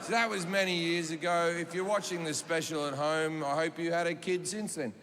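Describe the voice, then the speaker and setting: A man's voice: fairly high pitch, fairly even intonation, brisk, fairly bright tone. A man in his forties doing stand-up comedy, telling a profane story with punchy delivery on a big stage. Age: 40s. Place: stage in a large venue. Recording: reverberant hall with audience noise.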